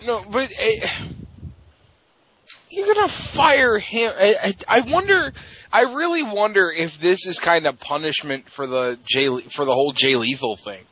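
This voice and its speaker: A man's voice: on the high side, lively intonation, moderate pace, sharp tone, breathy edge, muffled recording. A man co-hosting a wrestling talk show, joking and bantering casually. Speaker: co-host.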